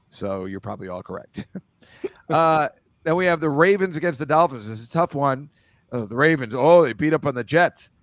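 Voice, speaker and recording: A man's voice: a little high, dry recording. A man hosting a casual football picks chat over a video call, rambling loosely and laughing often. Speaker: host.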